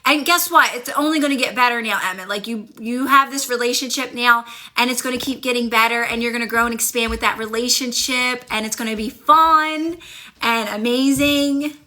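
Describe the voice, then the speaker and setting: A woman's voice: on the high side, a little fast, bright, forceful tone. A woman coaching viewers on a phone livestream, upbeat and encouraging, talking back to their comments. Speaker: manifestation coach. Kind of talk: casual livestream chat with viewers.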